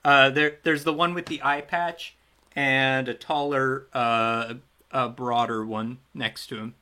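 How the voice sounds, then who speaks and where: A man acting as game master for a tabletop game, unhurried and easygoing. His voice is bright and forward. He narrates in a loose, chatty way, trailing off and picking his thread back up. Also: medium pitch, steady tone.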